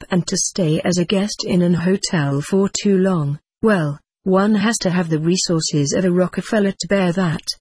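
An older man reading his own book aloud in a measured, wry, dry-humoured way. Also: high-pitched, a little mellow, husky, no room sound. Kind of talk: audiobook narration.

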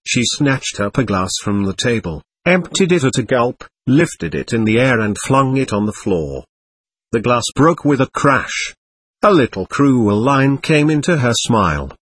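A man narrating a classic novel as an audiobook, in an expressive, dramatic reading style. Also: mid-range voice, a little slow, breathy edge, no echo.

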